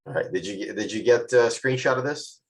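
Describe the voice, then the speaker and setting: A man's voice: medium pitch, fast, rough recording. A man hosting a virtual tasting group over a video call, chatting casually with playful jokes and asides.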